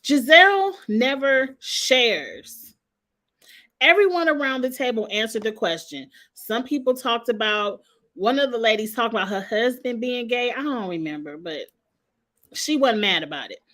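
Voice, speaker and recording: A woman's voice: on the high side, lively intonation, normal speed, a bit bright. A woman. She recaps reality TV in loose, chatty commentary. She often turns to address the cast members directly with sassy, gossipy asides. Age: 40s. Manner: gossipy, sassy, talks straight to the people she discusses.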